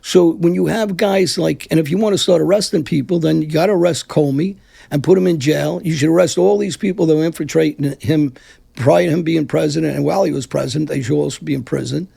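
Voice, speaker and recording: He talks fast in a fairly high, creaky voice that is warm in tone yet a little rough. The man, a Brooklyn native and former mafia figure, is a guest in a casual interview, combative and blunt, with plenty of swearing.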